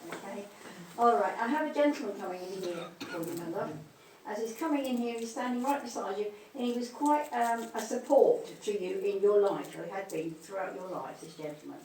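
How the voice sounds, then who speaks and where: In a spiritualist church hall, a woman gives a live mediumship demonstration, speaking tenderly and calling people darling and sweetheart. Her medium-pitched, slightly mellow voice moves a little fast with few pauses. The recording is from a distant mic in an echoey hall, with faint noise.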